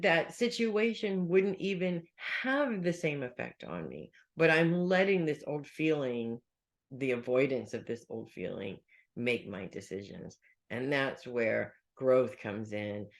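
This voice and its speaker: A man in his forties, a psychic giving his weekly reading in a casual, rambling way, telling a story about himself with self-deprecating asides and restarts. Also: mid-range voice. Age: 40s. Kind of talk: casual spoken advice with personal anecdote.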